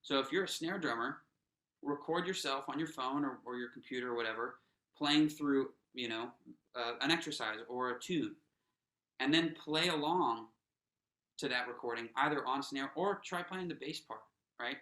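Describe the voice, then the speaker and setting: A man's voice: mid-range voice, moderate pace, sharp tone, roomy sound, poor audio. A man teaching a snare drum workshop in a casual, encouraging way, with lots of fillers and restarts. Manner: counts players in aloud.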